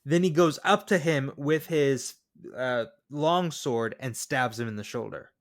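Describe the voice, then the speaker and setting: Man, podcast co-host, excitable, restarts his sentences, mid-range voice. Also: medium pitch, unhurried. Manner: excitable, stumbles and repeats words. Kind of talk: casual movie recap chat.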